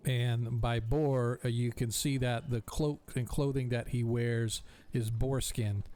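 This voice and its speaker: A man's voice: mid-range voice, steady tone, slow pace, warm tone. A man narrating a tabletop game as game master, rambling with many fillers.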